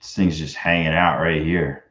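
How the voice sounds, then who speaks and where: A young man with a very deep voice talks through his trades in a loose, crude, half-muttered stream of commentary. His voice sounds dull and lo-fi, and it rings a little in a roomy space. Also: flat delivery, normal speed, a bit bright. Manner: loose, crude, muttering to himself with bursts of banter. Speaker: live-streaming day trader. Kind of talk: casual running commentary while trading.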